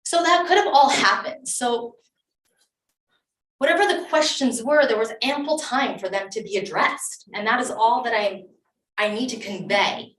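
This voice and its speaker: A woman on a township committee speaks emotionally and insistently at a public meeting in a municipal meeting room, often restarting her sentences. Her voice is fairly high and a bit bright, her pace measured. The distant mic captures an echoey room.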